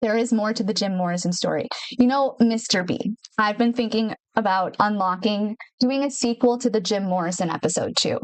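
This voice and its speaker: A woman's voice: mid-range voice, brisk, no room sound. Chatty woman podcast host, dry sound. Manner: chatty, repeats words for emphasis, laughs often. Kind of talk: casual talk to camera. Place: her home studio in Nashville. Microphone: studio microphone.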